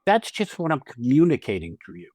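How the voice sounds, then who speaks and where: A man's voice: mid-range voice, sing-song, fairly quick, a little mellow, dry recording, studio quality. A man hosting a podcast as an acting teacher, talking casually and animatedly, swearing freely and acting out little scenes with quoted lines.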